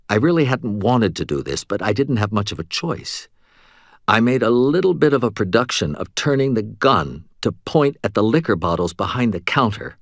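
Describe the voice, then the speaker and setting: A man's voice: fairly low pitch, no echo, clean studio sound. A man narrating a novel in first person with wry, conversational storytelling. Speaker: audiobook narrator.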